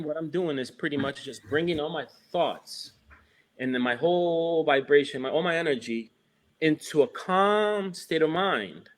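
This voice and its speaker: Male dog trainer, slightly higher voice, relaxed and reflective, casual talk full of restarts. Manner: reflective, loose and laid-back, many restarts. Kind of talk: casual chat.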